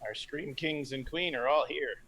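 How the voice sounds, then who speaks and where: A man's voice: fairly high pitch, measured pace, bright, forceful tone, slight background noise. A man directing a tabletop horror game, opening with a theatrical, spooky storyteller recap and then reading the show's plugs. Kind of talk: horror show host intro.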